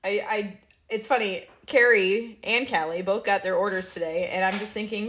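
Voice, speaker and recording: This woman streams live, rambling casually and answering viewers after reading their comments aloud. She has a medium-pitched, fairly bright voice at a moderate pace, and she sounds stuffy and yawns.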